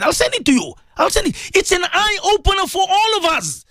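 A man's voice: very high-pitched, sing-song, fairly quick, sharp tone, no echo, clean studio sound. A man, preaching fervently as an Islamic radio presenter and calling out again and again to his listeners. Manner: fervent, repetitive, preachy, addresses listeners directly. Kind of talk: impassioned religious radio talk.

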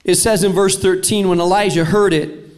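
A middle-aged man preaching a sermon as pastor to a large auditorium, swinging from loud declarations to near-whispers. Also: sits high, steady tone, normal speed. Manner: preaching with dramatic swings between loud and soft.

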